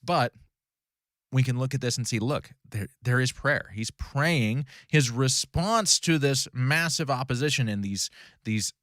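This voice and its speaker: A man leads a relaxed Bible study in a mid-pitched voice, talking through a passage conversationally and often stopping to correct himself or ask "right?" The sound is close and dry, with little room in it. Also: unhurried, no room sound. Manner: conversational, frequent fillers and self-corrections, "right?" check-ins. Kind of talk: casual Bible study teaching.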